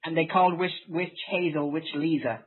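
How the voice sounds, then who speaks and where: Man, high husky voice, sarcastic ranting podcast chat, tinny phone-like sound. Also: steady tone, a little fast. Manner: sarcastic, exaggerated rants. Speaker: podcast co-host. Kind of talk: casual chat.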